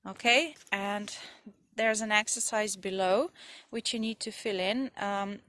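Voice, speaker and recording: Young slovene english teacher going over answers, slow and careful, dry close sound. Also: female voice, medium pitch, fairly even intonation, a bit bright, dry recording. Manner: reads textbook passages aloud, then goes over answers. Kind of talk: recorded lesson for pupils.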